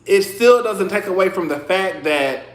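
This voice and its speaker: A man's voice: sits high, expressive, normal speed, echoey room. A man hosting a podcast, chatting casually and rambling with lots of "like" and restarts. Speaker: podcast host. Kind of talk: casual commentary chat.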